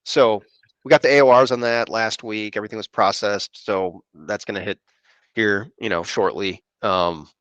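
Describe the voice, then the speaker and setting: A man's voice: on the low side, moderate pace, fairly bright tone, no room sound, muffled recording. A man, an insurance producer telling a rambling story on a podcast and acting out what people said to him. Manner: rambling, quotes people in his stories. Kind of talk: casual storytelling chat.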